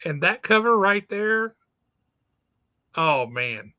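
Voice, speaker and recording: A man co-hosting a comic book podcast, talking with loud enthusiasm and exclamations. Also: high voice, big pitch swings, takes it slowly, dry recording, highs cut off. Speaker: podcast co-host. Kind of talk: casual comic book chat.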